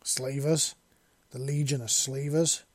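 A man voicing a blunt, calm soldier in power armour who speaks in clipped commands. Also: medium pitch, moderate pace, no echo, close to an everyday voice. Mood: commanding.

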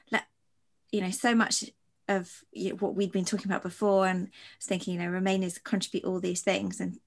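Woman host, low gravelly voice, reflective rambling interviewer. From London. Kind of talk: conversational interview.

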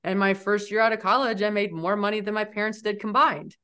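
Lively woman in her forties telling stories. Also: mid-range voice, a little fast, clean tone. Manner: animated, lively storyteller. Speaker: interview guest. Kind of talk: storytelling in an interview.

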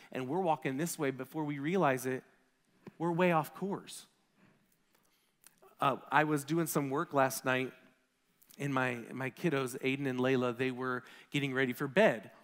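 A man in his thirties, a pastor giving a conversational sermon, animated as he tells stories about his kids. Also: on the high side, big-room sound. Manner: conversational, animated storytelling with acted quotes.

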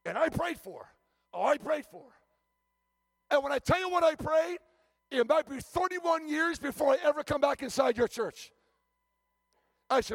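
A man's voice: extremely high pitch, normal speed, pauses often, no echo, studio quality. A man preaching a sermon as a visiting preacher, telling stories emphatically with frequent restarts and stammers.

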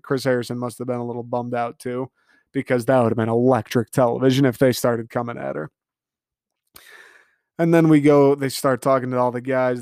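A young man riffs on a dating show in a casual podcast recap, sarcastic and profane, tossing out mocking asides. His voice sits in a middle pitch. The sound is dry and close, with no room around it. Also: darkish tone, clean tone, no echo. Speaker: podcast host.

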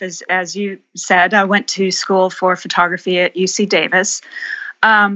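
A woman's voice: mid-range voice, bright, forceful tone, muffled recording. A woman photographer, a guest on a podcast, telling anecdotes in a conversational way with some hesitant fillers. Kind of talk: conversational storytelling.

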